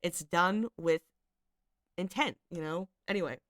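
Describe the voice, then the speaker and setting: A young woman with a somewhat low voice gives casual commentary while she reads screenshots aloud. She talks in a chatty, exasperated way, full of filler words. The recording is dry and close, with no room sound. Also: unhurried, a bit bright, no room sound. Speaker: commentary channel host.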